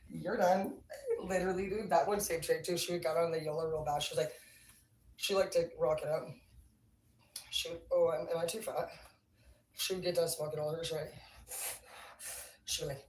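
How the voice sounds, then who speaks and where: A woman's voice: deep voice, steady tone, moderate pace, long pauses, darkish tone, slight background noise. A woman livestreaming, telling rambling stories in a casual, profane, laughing way. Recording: roomy, distant mic, faint ambience.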